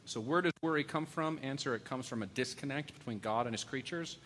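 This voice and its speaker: A man's voice: mid-range voice, fairly quick, fairly bright tone, in a large hall, slight background noise. A married man preaching a sermon to a congregation, earnest and pleading, telling stories and asking the kids questions. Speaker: pastor. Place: church sanctuary.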